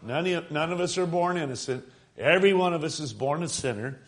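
The sermon comes from a man whose voice runs a little high, his manner earnest and emphatic. Between thoughts he pauses with fillers, and he stretches out the key phrases.

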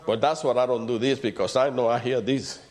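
A man preaching a sermon in a conversational way, dropping to soft low asides and rising for emphatic points. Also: fairly even intonation, fairly quick. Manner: conversational preaching with repeated "you know" and "see".

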